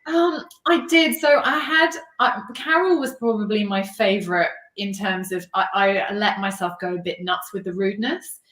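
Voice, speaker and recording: A woman's voice: mid-range voice, normal speed, hardly any pauses, fairly bright tone. A woman author being interviewed, talking in a hesitant, self-deprecating way with many restarts. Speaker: author guest. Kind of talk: casual interview chat. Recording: roomy echo.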